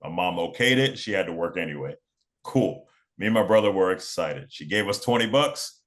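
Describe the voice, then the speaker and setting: A man's voice: deep voice, lively intonation, moderate pace. A young man from New York telling a personal story in a laid-back, casual way, often repeating and restarting phrases. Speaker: podcast guest.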